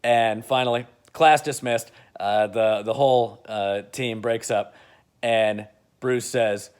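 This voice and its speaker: A man's voice: mid-range voice, fairly even intonation, slow pace, clear, resonant tone. A man casually retelling an imagined movie plot in a rambling, filler-heavy way. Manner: rambling, with many fillers and restarts. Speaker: video creator.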